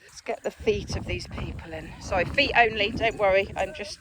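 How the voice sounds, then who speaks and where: A woman, working as a dog trainer, chatting casually to camera on a walk and praising the dogs in bright sing-song bursts. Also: medium pitch, normal speed, hardly any pauses, slight background noise. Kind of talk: casual vlog chat while training dogs outdoors. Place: outdoors on a walk.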